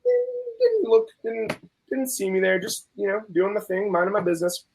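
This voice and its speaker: A man's voice: sits high, fairly even intonation, fairly quick, gravelly, slight background noise, rough recording. A man on a video call, casually telling a story with animation and acting out both sides of an argument. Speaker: guest on video chat. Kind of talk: casual chat.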